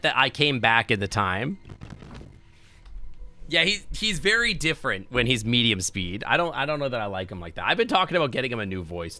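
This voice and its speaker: A man's voice: medium pitch, pushed and bright. A man streaming a video game, chatting casually and swearing now and then. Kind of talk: casual gameplay chat.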